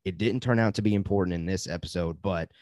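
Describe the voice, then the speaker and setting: A man's voice: sits low, a little mellow, no room sound. A man co-hosting a podcast in easygoing, casual fan discussion, leading segments and asking his partner for takes. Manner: easygoing, leads the segments, quick agreeing interjections. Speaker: podcast co-host.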